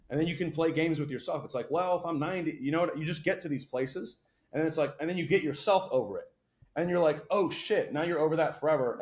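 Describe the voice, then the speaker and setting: A young man speaks as a podcast guest in a casual, loose chat. His words come rapid-fire, full of swearing and lively storytelling, and his voice sits a touch high for a man. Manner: fast, profane, animated storytelling.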